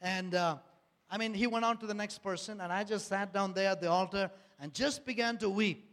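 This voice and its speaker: A man with a notably high speaking voice gives an earnest personal testimony in church. He leans on repeated phrases and rhetorical questions, and his words ring out with a long hall reverb behind them. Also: steady tone, a little fast, fairly bright tone.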